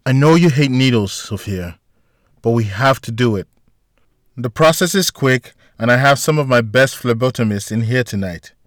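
A man voicing a woman hospital doctor who speaks in a forceful, clipped, insistent way. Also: mid-range voice, lively intonation, moderate pace, no echo, studio quality, natural voice. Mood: firm.

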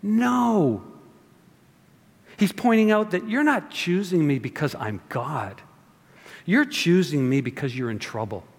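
A man preaching in a fairly high voice, talking conversationally and tossing rhetorical questions at the congregation. His words ring out with a long echo, as if in a large hall. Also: sing-song, moderate pace. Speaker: pastor. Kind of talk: sermon.

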